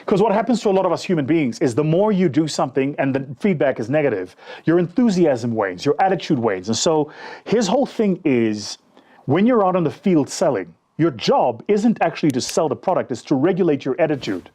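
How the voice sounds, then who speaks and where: A man's voice: fairly high pitch, fairly quick. A man telling a motivational story about sales, speaking straight to his listeners and acting out bits of dialogue. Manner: animated, addresses listeners directly, acts out dialogue.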